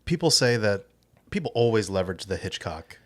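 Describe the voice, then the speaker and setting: A man's voice: lowish voice, very animated, a little fast, fairly bright tone. A man co-hosting a podcast in casual film talk, playful and joking. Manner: playful, jokes and acts out quoted voices. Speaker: podcast co-host. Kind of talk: casual film-discussion chat.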